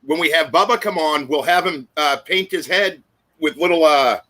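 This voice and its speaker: A man's voice: on the high side, moderate pace, pushed and bright. A man joking playfully as a guest on a casual livestream. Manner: playful, teasing jokes.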